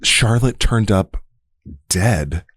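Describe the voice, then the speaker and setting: Animated joking male podcast co-host. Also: lowish voice, drawn-out words, breathy edge, no echo, clean studio sound. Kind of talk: casual chat.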